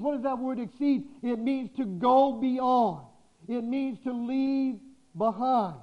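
A man preaching a sermon to his congregation, exhorting and repeating key phrases, slowing down to stress his points. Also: very high voice. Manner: exhorting, repetitive, slows for emphasis. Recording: dull lo-fi recording.

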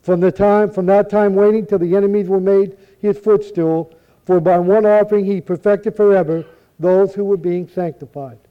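A man reciting scripture in a measured, solemn way, with the odd stumble over a word. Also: high-pitched, fairly even intonation, clear, resonant tone. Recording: dull lo-fi recording.

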